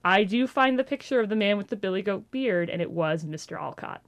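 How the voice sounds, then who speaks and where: A woman in her thirties, a ghost tour guide, telling stories in an animated way and acting out gasps and quotes in an interview. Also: mid-range voice, brisk. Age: 30s. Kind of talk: storytelling interview.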